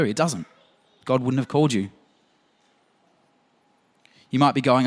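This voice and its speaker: A man's voice: mid-range voice, moderate pace, pauses often. A man preaching a sermon in a conversational, emphatic way, full of rhetorical questions. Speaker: pastor.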